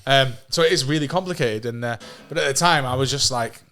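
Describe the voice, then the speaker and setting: A man in his thirties from England, a podcast guest telling stories in a casual, animated way, swearing freely and laughing at his own jokes. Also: mid-range voice, fairly quick, faint music behind. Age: 30s. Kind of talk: casual storytelling.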